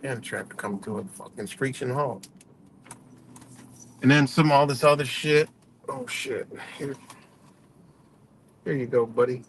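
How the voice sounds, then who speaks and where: Live streaming as he drives down a highway, this man spins a meandering, foul-mouthed tale, laughing frequently. His medium-pitched voice moves a little slowly, with long pauses. Road and vehicle sounds hum faintly in the background.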